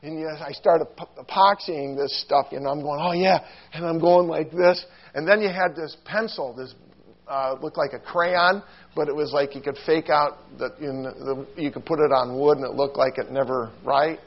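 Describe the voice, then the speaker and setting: A man preaching a sermon, telling a funny childhood story in an animated, self-mocking way and acting out quotes with squeals and shouts. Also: a little high, moderate pace, lo-fi sound.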